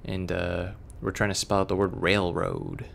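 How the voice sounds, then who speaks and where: A man's voice: low-pitched, very animated, normal speed, creaky, a bit bright. A man from Florida giving casual, sarcastic let's play commentary, wandering off into digressions. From Florida, USA. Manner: rambling, sarcastic, digressive storytelling.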